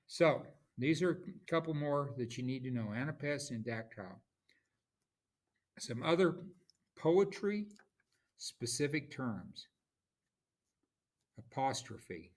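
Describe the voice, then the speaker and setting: A male teacher giving a classroom lecture at a very slow, deliberate pace. He halts often, restarts phrases and taps out rhythms with his voice as he explains. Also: medium pitch, lively intonation. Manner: slow, halting, with many pauses and restarts.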